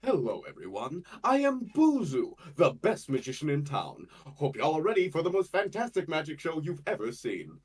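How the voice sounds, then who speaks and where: A man voicing a grand, jovial male ringmaster and magician, with a fancy, booming showman delivery. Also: huge pitch swings, moderate pace, hardly any pauses, slightly rough, far from the mic, exaggerated voice.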